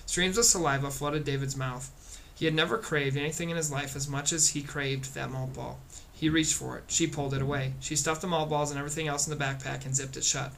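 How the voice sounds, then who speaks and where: A man narrating a storybook chapter in a steady, plain reading voice. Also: fairly high pitch, a little fast, gravelly, hardly any pauses, a little hiss or hum. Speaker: audiobook reader.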